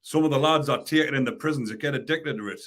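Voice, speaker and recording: A man's voice: mid-range voice, fast talker, a bit bright. A man hosting a podcast, asking casual prompting questions and swearing now and then. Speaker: podcast host. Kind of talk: casual interview.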